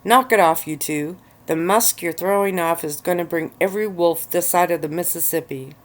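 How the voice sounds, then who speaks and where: Casting: a woman doing a firm, bantering young werewolf guy, low voice, storybook read-aloud. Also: normal speed, natural voice. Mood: protective, teasing. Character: protective young male werewolf, bossy and teasing.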